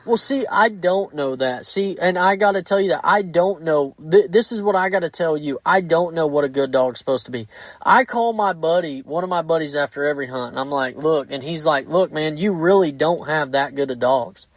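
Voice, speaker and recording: A man hosting a casual podcast chat, blunt and heavy on profanity, telling animated stories. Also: fairly high pitch, fairly quick, dry recording, poor audio. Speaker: podcast host.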